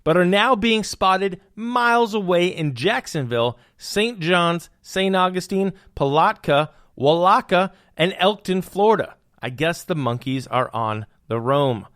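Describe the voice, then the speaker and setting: A man's voice: high-pitched, lively intonation, a little slow, few pauses, a bit bright, no room sound, studio quality. A young man hosting a podcast, riffing on news with puns and hyped, jokey asides. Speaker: podcast host. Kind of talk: comedic news commentary.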